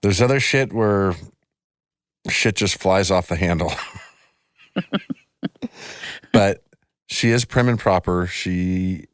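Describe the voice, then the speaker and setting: A man's voice: deep voice, a little slow, clean tone, dry recording, clean studio sound. A man appearing as a podcast guest, chatting in a laid-back, wry way and chuckling as he talks. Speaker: guest, host's husband. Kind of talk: casual chat.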